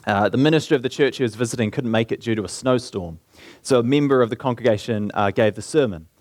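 A man preaching a sermon in an earnest way, slowing down and lifting his voice to stress key points. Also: medium pitch, a little mellow, no room sound. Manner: earnest, slows down and lifts his voice for emphasis.

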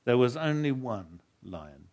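A man voicing a great, calm lion in a slow, solemn, measured way. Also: medium pitch. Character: great lion, majestic, calm and deep-voiced.

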